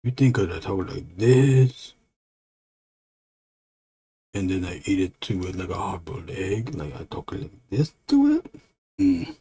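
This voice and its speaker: A man's voice: deep voice, sing-song, measured pace, pauses often, warm tone, slightly rough, full character voice. A man voicing a dim-sounding but proudly well-mannered monster that speaks in broken grammar and mutters indignantly.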